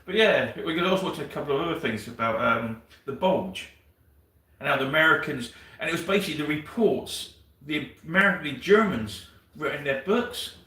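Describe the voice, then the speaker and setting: A man with a bright, forceful voice tells long, rambling stories in casual chat, swearing as he goes. He sounds a little far from the microphone, and the room gives his voice a noticeable echo. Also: a little high, lively intonation, normal speed. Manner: rambling storyteller, swears freely. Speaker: co-host of a wargaming livestream. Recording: roomy sound from a distant mic.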